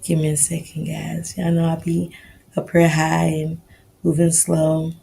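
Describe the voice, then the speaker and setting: A woman hosting a casual livestream, greeting viewers by name in relaxed, slangy banter. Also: low voice, a little slow, vocal fry, slight background noise. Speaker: livestream host.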